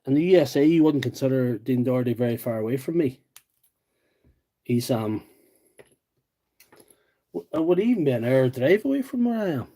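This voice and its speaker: A man's voice: medium pitch, animated, moderate pace, long pauses, mellow. Chatty rural County Derry man. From Northern Ireland, County Derry. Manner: rambling, chatty, self-deprecating. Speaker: repair livestream host. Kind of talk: casual chat while repairing tools.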